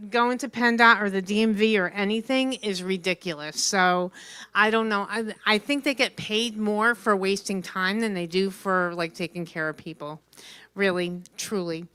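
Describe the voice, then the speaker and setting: A woman's voice: medium pitch, bright, forceful tone, clean tone, dry recording. A woman from New Jersey doing a blunt, brash stand-up comedy set at an open mic. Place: small venue open mic.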